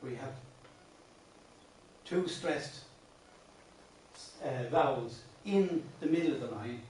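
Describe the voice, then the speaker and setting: A man's voice: mid-range voice, slow, a little mellow, recorded from a distance, slight background noise. Irish man teaching song in echoey room. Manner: explains patiently, with many restarts, sometimes sings lines. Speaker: singing teacher. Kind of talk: workshop lecture on song. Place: classroom. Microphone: distant room mic. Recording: very echoey classroom, voice off-mic.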